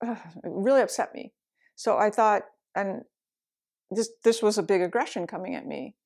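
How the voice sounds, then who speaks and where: A woman's voice: mid-range voice, normal speed, vocal fry, a little mellow. A middle-aged woman, a meditation teacher, telling a personal story in a candid, reflective way, laughing now and then. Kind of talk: storytelling talk.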